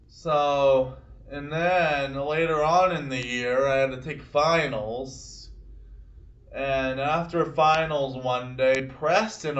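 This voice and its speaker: Slow-talking young man, echoey distant mic. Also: mid-range voice, fairly bright tone. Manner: rambling, halting, with many restarts. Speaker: vlogger telling personal stories. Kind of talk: casual storytelling to camera. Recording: distant mic in an echoey room, dull sound.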